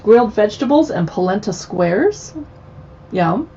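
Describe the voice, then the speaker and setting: A woman's voice: medium pitch, big pitch swings, a little slow, dark tone, lo-fi sound. A woman hosting a casual livestream chat, chatty and playful with joking asides. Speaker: livestream host.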